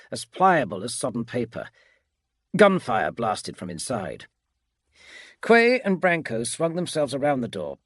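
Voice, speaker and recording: A man giving calm, measured bedtime audiobook narration of a science fiction story. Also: mid-range voice, slightly rough, no echo, studio quality.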